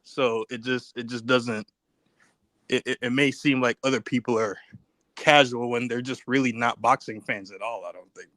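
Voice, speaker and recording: A man calling in to a live stream with a mid-pitched voice, recorded dry and close. He talks casually, trips over his words and circles back to the same point. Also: fairly even intonation, moderate pace, sharp tone, dry recording. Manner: rambling, repeats words, restarts. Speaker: caller. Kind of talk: casual call-in talk.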